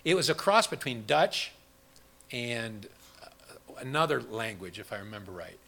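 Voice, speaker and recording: A man's voice: mid-range voice, big pitch swings, moderate pace, creaky, pushed and bright. A man preaching an interactive Bible study sermon, rambling with restarts and quizzing his congregation with questions.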